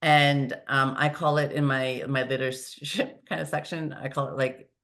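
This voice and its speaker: A woman talking as a podcast guest, lively and acting out the dialogue she quotes. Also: extremely low pitch, normal speed. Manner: animated, acts out quoted dialogue. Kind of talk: conversational interview. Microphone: video call.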